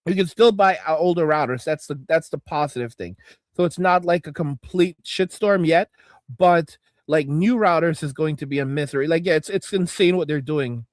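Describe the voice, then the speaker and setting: Rambling, cursing livestream host, fairly high voice. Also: male voice, moderate pace, no echo, clean studio sound. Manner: rambling, swears, repeats himself, frequent throat clearing. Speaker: livestream host reading chat. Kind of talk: casual livestream chat.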